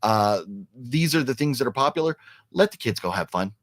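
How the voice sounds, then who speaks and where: A man's voice: medium pitch, lively intonation, moderate pace, no room sound, clean studio sound. A man talking casually on a live stream, rambling with lots of fillers and restarts as he answers chat. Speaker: vlogger reading live chat.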